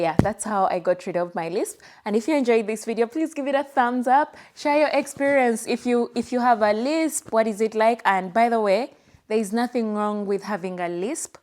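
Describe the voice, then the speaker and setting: A young woman vlogger chatting to camera, telling a personal story in an easy, animated way and acting out what people said. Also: medium pitch. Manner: chatty, animated, acts out quotes from her past.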